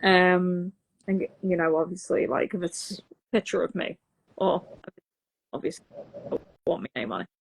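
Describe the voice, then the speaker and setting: A woman's voice: on the low side, normal speed, gravelly, long pauses. A woman with a London accent co-hosting a podcast, talking in an earnest, open way in casual chat. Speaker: podcast co-host, singer.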